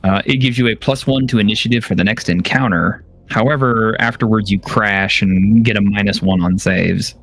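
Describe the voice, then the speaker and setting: A man running a tabletop game on a stream as game master, casual and chuckling, with halting fillers. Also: lowish voice, fairly bright tone, slight background noise.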